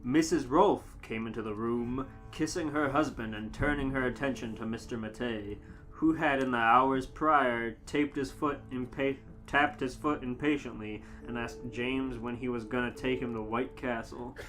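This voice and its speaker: A man reading comic fan fiction aloud on a podcast, halting and stumbling over the words. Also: mid-range voice, fairly even intonation, fairly bright tone, faint music behind.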